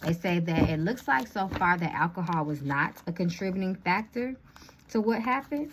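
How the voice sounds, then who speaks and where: Lisping woman reading tarot, low voice. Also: expressive, normal speed, background noise. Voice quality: slight lisp from retainers. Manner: chatty, addresses viewers as y'all, thinks aloud. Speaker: tarot reader. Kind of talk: casual tarot reading monologue.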